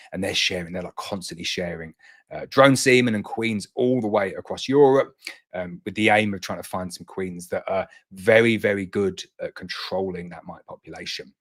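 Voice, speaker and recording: A middle-aged man with a fairly low voice hosts a relaxed live question-and-answer session. He reads viewer comments aloud in a lifted tone, then answers in an easygoing, conversational manner. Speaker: beekeeping show host answering viewer questions.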